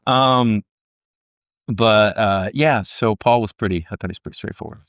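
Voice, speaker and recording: Man, middle-aged, actor guest, lively anecdotes, low pitch, dry close sound. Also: measured pace, smooth, dry recording. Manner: animated storyteller, acts out quotes. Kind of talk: casual interview storytelling.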